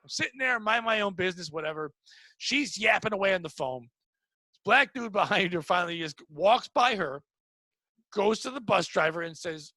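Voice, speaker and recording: High, bright-voiced man telling comic stories. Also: expressive, normal speed, dry recording. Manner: rambling, profane, loud outbursts. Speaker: podcast host. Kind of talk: casual comedic storytelling.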